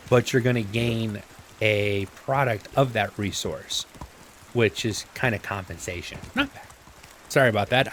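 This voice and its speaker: Speaking into a desk mic over gameplay, a man of medium pitch and fairly bright tone offers casual, chatty commentary, poking fun at himself and wandering into asides. Slight background noise is present.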